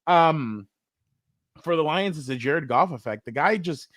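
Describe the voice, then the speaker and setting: A man co-hosting a casual sports talk show, telling stories with animated, profane banter and acting out quotes. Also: fairly high pitch, a little slow, no room sound, studio quality. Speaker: co-host.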